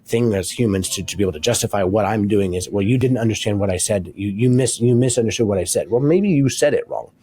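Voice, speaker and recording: Man, co-host, low husky voice, emphatic, preachy delivery. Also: fast, few pauses, mellow. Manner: emphatic, preachy, laughs easily. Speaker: podcast co-host. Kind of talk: casual faith podcast talk.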